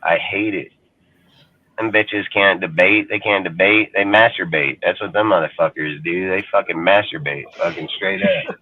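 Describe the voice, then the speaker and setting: A man with a somewhat low voice launches into an angry, profane rant as he hosts a sports fan show. His delivery is crude and scornful. The sound is thin and tinny, as if it came through a phone line. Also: fairly even intonation, moderate pace, no echo. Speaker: sports podcast host.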